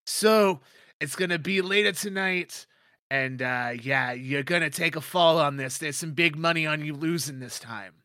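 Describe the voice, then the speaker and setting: A man's voice: on the high side, normal speed, pushed and bright, no echo, clean studio sound, voice pushed up. A man voicing a pudgy, dwarfish male fight boss who talks down to his fighter. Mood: jovial. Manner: bossy, threatening, condescending.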